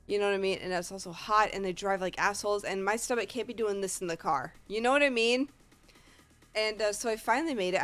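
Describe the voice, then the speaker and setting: A streamer from the Northeast United States, a woman with that regional American accent, tells a meandering, profane story in casual chat. Her voice is medium in pitch with a fairly bright tone.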